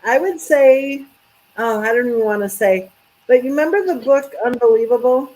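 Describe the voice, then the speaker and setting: A woman's voice: fairly high pitch, moderate pace, a little mellow, poor audio. A woman hosting a casual chat, rambling and trailing off, sleepy. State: sleepy, yawning. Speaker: channel host.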